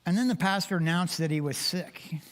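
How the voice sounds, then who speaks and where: Older man, slightly high voice, heartfelt and emotional testimony, echoing church hall. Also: moderate pace. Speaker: church member giving a testimony. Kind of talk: personal testimony to a congregation. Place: church sanctuary. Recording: long reverb of a church hall.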